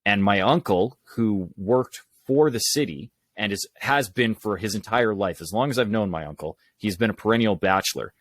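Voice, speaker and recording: Lively man telling stories, dry sound. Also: fairly low pitch, dry recording. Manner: animated anecdotes with quick asides. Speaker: podcast guest, public speaking coach. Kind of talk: conversational storytelling.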